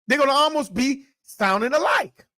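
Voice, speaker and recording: A man's voice: extremely high pitch, expressive, moderate pace, pushed and bright, dry recording, studio quality. A man co-hosting a discussion, emphatic and teacherly, pressing his points and urging the listeners on. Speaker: co-host. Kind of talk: preaching-style discussion.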